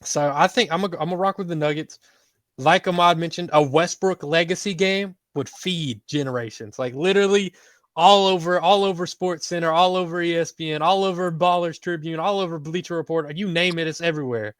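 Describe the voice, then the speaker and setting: Man, sports podcast co-host, raised pitch, dry close sound, laid-back rambling. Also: brisk, no room sound. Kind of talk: casual sports chat.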